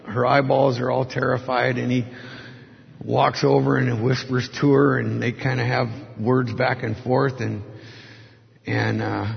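A man telling a personal testimony story, earnest and halting, acting out the people he quotes. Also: mid-range voice, vocal fry. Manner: earnest, halting, animated when quoting others. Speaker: testimony speaker. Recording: dull audio with long hall reverb.

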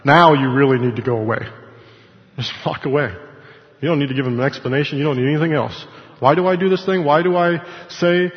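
A Bible study teacher teaches scripture informally and conversationally, adding asides and correcting himself. His medium-pitched voice is brisk, broken by long pauses, and the recording is dull and lo-fi with the echo of a hall.

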